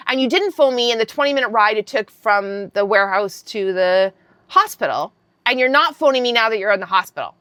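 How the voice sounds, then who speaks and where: A woman's voice: mid-range voice, no echo. A woman in her fifties telling a story in a casual vlog, blunt and given to swearing. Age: 50s. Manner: blunt and swearing, animated retelling. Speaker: vlogger.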